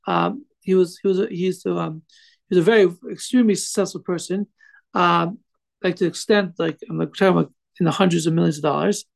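Man, high-pitched, gravelly fry, informal religious class, storytelling, halting, lots of fillers and restarts. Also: steady tone. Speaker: Torah teacher telling a story.

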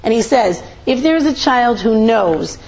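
A woman's voice: on the high side, animated, measured pace, a little mellow. A woman giving an informal talk to an audience, telling stories animatedly, acting out quotes and asking rhetorical questions. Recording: slightly muffled recording with faint noise.

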